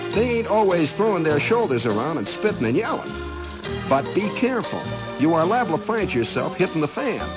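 A middle-aged radio host tells rambling, folksy stories, acting out voices and exclamations in a storytelling monologue. His voice is fairly high-pitched, and the recording is low in quality.

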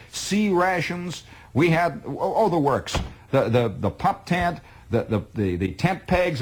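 A man's voice: on the high side, slightly rough. A man telling a spoken monologue in a wry, exaggerating manner. He stacks up details and often repeats words as he goes. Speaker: storyteller.

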